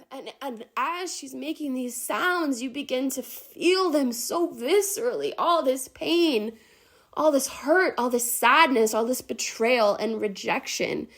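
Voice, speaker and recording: A woman's voice: high-pitched, fairly bright tone. A woman leading a guided meditation in an intense, emphatic way, with frequent swearing.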